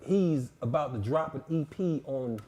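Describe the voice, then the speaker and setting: A man's voice: a little high, lively intonation, measured pace, dark tone. A man co-hosting a casual podcast chat, trading teasing, joking banter. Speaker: co-host.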